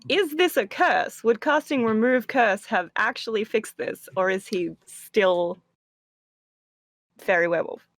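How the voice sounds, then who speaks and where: Gravelly-voiced woman asking questions. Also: on the high side, unhurried, dry recording. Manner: inquisitive, casual. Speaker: player. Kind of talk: casual chat.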